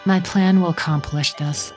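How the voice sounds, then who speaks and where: A woman plays a cruel woman general from a fantasy game, sneering and contemptuous. The voice sits on the low side and drips with scorn. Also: fairly even intonation, normal speed, a little mellow, soft background music, lightly acted. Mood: scornful. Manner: contemptuous, taunting.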